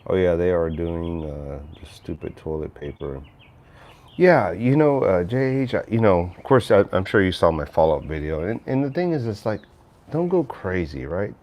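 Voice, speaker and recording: Deep-voiced man chatting on a livestream. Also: animated, normal speed, lo-fi sound. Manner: rambling, conversational, reads chat aloud. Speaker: livestream host. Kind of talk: casual livestream chat.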